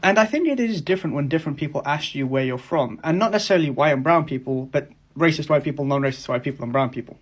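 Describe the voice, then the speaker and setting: A man's voice: a little high, quick pace, few pauses. Rambling man giving commentary. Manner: chatty, rambling storyteller. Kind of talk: reaction commentary.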